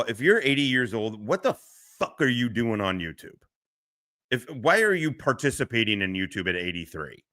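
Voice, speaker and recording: A man's voice: medium pitch, no room sound, studio quality. A middle-aged man hosting a profane, mocking commentary rant. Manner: profane, mocking, laughs loudly. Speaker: commentary host. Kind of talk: ranting commentary.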